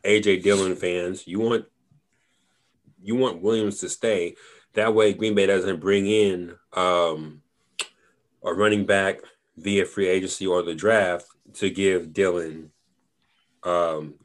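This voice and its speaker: A man co-hosting a casual podcast chat, talking in a laid-back, rambling way full of fillers. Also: deep voice. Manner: laid-back, rambling, lots of "you know". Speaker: podcast co-host. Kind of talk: casual fantasy football chat.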